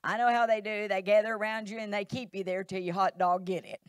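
A woman's voice: medium pitch, fairly even intonation, brisk, clean tone, no echo, studio quality. A middle-aged woman pastor, preaching a sermon in a church, emphatic and repetitive, acting out quoted voices.

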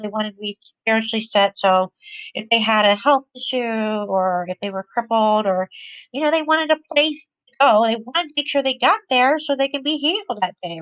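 A woman's voice: a little high, fairly bright tone, dry recording, rough recording. A woman spiritual teacher giving a conversational inspirational talk, often repeating phrases for emphasis.

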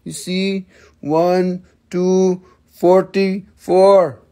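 A man's voice: sits high, little pitch movement, extremely slow, warm tone. A man in his forties hosting a live gemstone sales stream, chatting in a playful, rambling, jokey way and swearing casually. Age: 40s.

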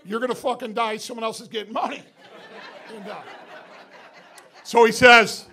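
A middle-aged man from upstate New York doing stand-up, telling a story in a profane, animated way and shouting the punchlines. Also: very high-pitched, moderate pace, pauses often, breathy edge. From Binghamton, New York. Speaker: stand-up comedian. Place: comedy club stage with live audience. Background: audience laughter.

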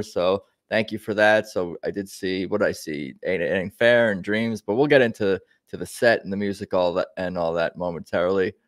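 A man's voice: fairly low pitch, no echo, studio quality. A man hosting a fan podcast, talking loosely and rambling, with frequent ums and restarts. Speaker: podcast host. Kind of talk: casual podcast intro.

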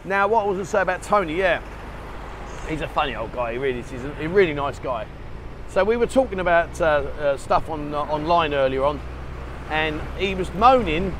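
An enthusiastic man rambles cheerfully to his camera while walking outdoors. His voice sits a little high. Traffic and street noise carry clearly behind him. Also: animated, brisk. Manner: chatty, enthusiastic, rambling with fillers. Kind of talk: casual walking vlog.

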